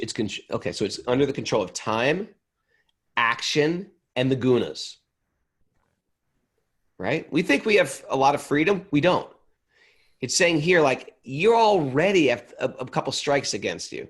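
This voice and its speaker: A man leading a casual scripture class, animated and joking, sometimes acting out little voices. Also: mid-range voice, a little slow, pauses often, breathy edge. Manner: animated, jokey, acts out voices. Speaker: spiritual teacher.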